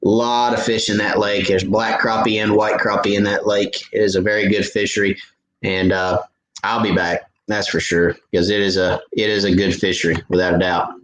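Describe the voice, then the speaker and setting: A man's voice: on the low side, level tone, normal speed, a bit bright, reverberant, low-quality recording. A man hosting a live fishing Q&A stream, answering viewer questions in a chatty way and laughing at his own jokes.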